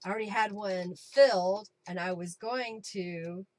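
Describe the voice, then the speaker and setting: A woman's voice: medium pitch, a little slow, darkish tone, slight background noise. A woman hosting a casual craft live stream from her home craft room, chatting and thinking aloud as she works.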